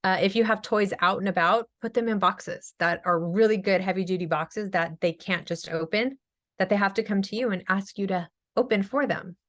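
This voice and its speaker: A middle-aged woman speech-language pathologist presents over a video call, her voice at a middling pitch. She talks fast and energetically, full of fillers and asides. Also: a bit bright. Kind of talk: webinar presentation.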